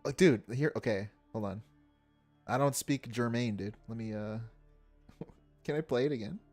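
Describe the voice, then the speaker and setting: Brief: male streamer, mid-pitched voice, casual reaction banter, laughs and teases. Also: normal speed, a little mellow, no room sound, faint music behind. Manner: laughing, mocking asides.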